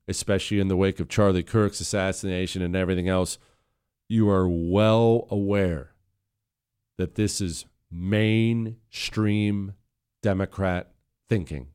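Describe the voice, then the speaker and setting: A man's voice: sits low, a little mellow, clear, resonant tone. A male radio talk show host delivering a heated political monologue into a studio microphone, indignant and mocking.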